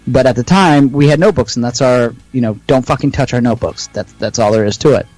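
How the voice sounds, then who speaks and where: A man's voice: medium pitch, fast talker, soft background music, poor audio. A young man co-hosting a podcast, telling a rowdy story in casual, profane chat. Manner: profane, animated storyteller who acts out voices. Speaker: podcast co-host.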